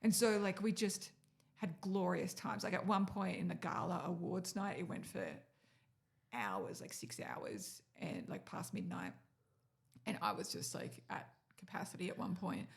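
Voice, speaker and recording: A woman hosts her own podcast and tells stories in loose, casual chat. Her voice has a gravelly edge, and she swears freely. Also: lowish voice, unhurried. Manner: swearing, storytelling, animated when mimicking friends. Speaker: podcast host.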